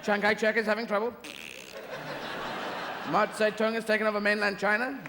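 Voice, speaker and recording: A man's voice: high-pitched, flat delivery, background noise, pitched above the performer's own voice. A man playing a frantic animal-message decoder. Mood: urgent. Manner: loud, urgent, guessing rapidly. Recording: echoey live hall with audience.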